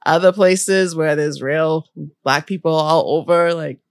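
Young woman from boston, podcast co-host, unhurried slangy talk, dry close sound. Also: sits low, dry recording. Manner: laid-back, laughs often, slangy. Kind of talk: casual chat.

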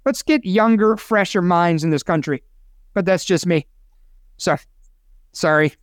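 A man with a high, smooth voice holds forth on a casual podcast, rambling and opinionated, often getting himself worked up. The sound is dry and close, with no room echo. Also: unhurried. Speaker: co-host.

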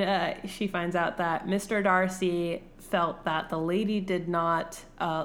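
A woman casually retelling a classic novel in an irreverent, animated way, swearing freely. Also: fairly low pitch. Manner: irreverent, profane, animated storytelling. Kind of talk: casual comedic book retelling.

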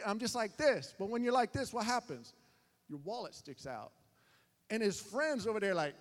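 A man preaching from a church sanctuary, his fairly high voice bouncing through a long echo. He tells stories with lively, self-mocking animation and keeps shifting into voices. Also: brisk. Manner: animated, self-mocking storyteller with many voice changes. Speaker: pastor. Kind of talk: sermon storytelling. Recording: echoey hall with long reverb.

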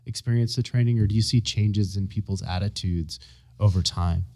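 A man's voice: lowish voice, normal speed, a little mellow. A man with an American Midwestern accent hosting a podcast and asking long, thoughtful questions. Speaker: podcast host. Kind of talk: interview questions.

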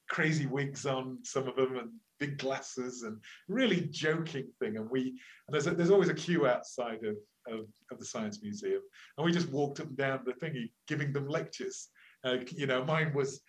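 A man's voice: mid-range voice, rough recording. Older male academic guest, chatty storyteller who stumbles and restarts, puts on voices in quotes. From England. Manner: lively anecdotal telling with many restarts and acted quotes. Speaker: climate scientist and lecturer, interview guest. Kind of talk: storytelling interview answers.

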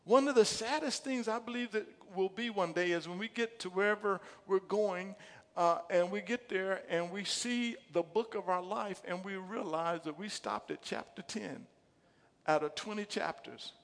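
A man preaching a sermon with fervour, stumbling over repeated words and rising from quiet asides to shouted emphasis. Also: high-pitched, moderate pace. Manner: stammering restarts and repeated words. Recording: long echo of a large hall.

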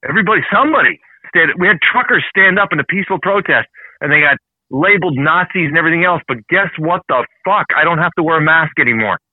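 A man from Canada hosting a heated political talk show, ranting fast and swearing often. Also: fairly high pitch, expressive, no room sound. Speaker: show host. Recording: dry, phone-like narrow sound.

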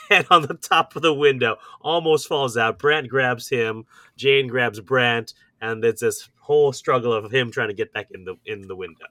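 Bright-voiced man recapping a movie. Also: medium pitch, no echo. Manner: animated recapping, laughs often. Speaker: podcast host. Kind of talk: casual movie chat.

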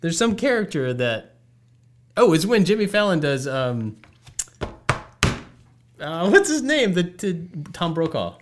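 A man's voice: a little high, big pitch swings, unhurried, long pauses, background noise. A man co-hosting a casual podcast chat, laughing easily. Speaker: podcast co-host.

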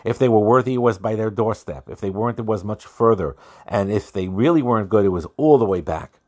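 A man teaching a religious class on marriage, talking earnestly and repeating himself, with Hebrew and Yiddish terms mixed into his English. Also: on the low side. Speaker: Torah teacher.

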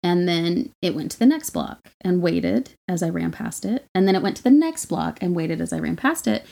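A woman's voice: lowish voice, lively intonation, moderate pace, creaky, dark tone. A woman co-hosting a podcast, telling stories in casual chat, blunt and profane with frequent laughs. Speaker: podcast co-host.

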